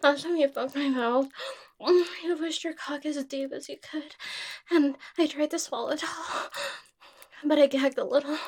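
A young adult woman performing adult audio role-play, with a teasing, intimate and unhurried delivery. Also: high-pitched, a little mellow.

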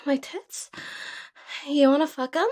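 A young adult woman performing adult audio role-play, with a teasing, intimate and unhurried delivery. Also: sits high, darkish tone.

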